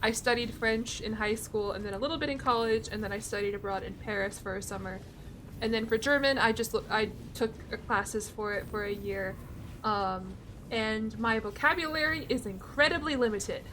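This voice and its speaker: A woman's voice: fairly high pitch, normal speed, a bit bright, slight background noise. A young adult woman streaming a video game, chatting casually with her viewers, laughing often and joking about herself. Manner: laughs often, self-deprecating, reads chat aloud. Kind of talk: casual live-stream chat while gaming.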